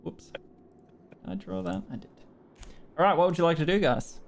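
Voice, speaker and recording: A man's voice: sits high, moderate pace, vocal fry. An Australian man narrating as game master in a casual, rambling tabletop session, laughing often.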